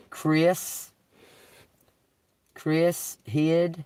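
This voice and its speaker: A man live-streaming a psychic reading from inside a car, talking slowly, spelling out letters and swearing casually. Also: medium pitch, expressive, gravelly, a bit bright, dry recording, distant mic.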